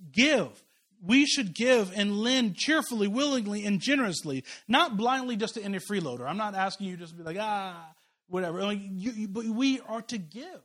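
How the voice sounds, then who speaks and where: A man's voice: high voice, pushed and bright. A man preaching a conversational sermon as a pastor, impassioned and emphatic, often restarting his sentences.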